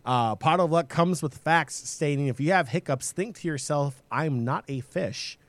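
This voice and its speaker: A man co-hosts a casual live stream and teases his partner as he reads from chat. His voice sits a little high, and the sound is dry and close. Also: moderate pace, dry recording. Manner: playful, teasing, reads chat aloud. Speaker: stream co-host.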